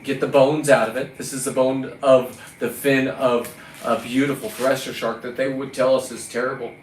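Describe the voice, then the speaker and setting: A man from California rants in a combative, profane vlog monologue, even scolding the lobsters in front of him. His voice sits at an ordinary pitch for a man. The mic is some way off, in a roomy space, with faint ambient noise behind him. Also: moderate pace, distant mic. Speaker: recreational lobster fisherman.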